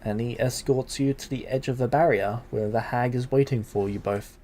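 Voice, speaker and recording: A man narrating a tabletop game as game master, in a relaxed, unhurried way. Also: mid-range voice, a little hiss or hum.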